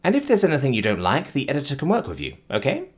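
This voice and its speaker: A man's voice: medium pitch, huge pitch swings, fast, husky, pitched above the performer's own voice. A man voicing a polite, encouraging young female journalist. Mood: friendly.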